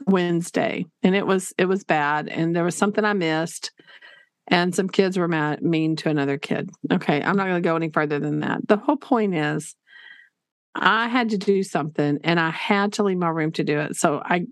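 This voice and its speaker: A woman's voice: lowish voice, dry recording, studio quality. A woman co-hosting a teaching podcast, telling a personal story in an earnest, casual way with many restarts.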